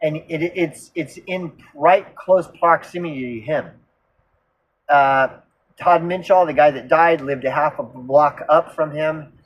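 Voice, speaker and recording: Husky guy from oklahoma cussing thru a long story, kinda higher voice, lo-fi sound. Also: unhurried. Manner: rambling, profane, repeats himself. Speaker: vlogger. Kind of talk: casual storytelling monologue. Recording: slightly dull lo-fi recording.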